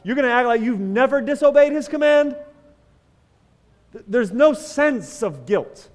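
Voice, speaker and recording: Male pastor with a high voice, preaching to his congregation with questions and dry jokes; long echo of a big church hall. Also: expressive, measured pace. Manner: conversational preaching, asks the congregation questions, wry humor. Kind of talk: sermon. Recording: long reverb of a large hall.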